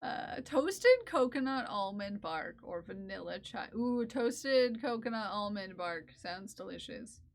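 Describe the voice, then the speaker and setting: A woman's voice: mid-range voice, expressive, a little slow, hardly any pauses. A young woman live-streaming while crafting, chatting playfully with viewers, laughing and mock-scolding them. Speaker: livestreamer. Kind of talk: casual live-stream chat.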